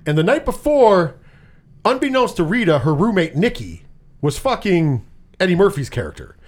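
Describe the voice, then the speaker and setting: A man with a high, lively voice that swoops up and down hosts a casual movie chat. He talks in a loose, profane way and jumps into quick impressions while retelling scenes. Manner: animated, profane, quotes scenes in put-on voices. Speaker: podcast host.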